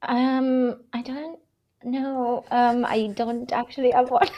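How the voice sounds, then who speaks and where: A woman's voice: fairly high pitch, little pitch movement, slow, dark tone. A woman, chatting casually as a livestream guest and laughing often. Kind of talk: casual chat.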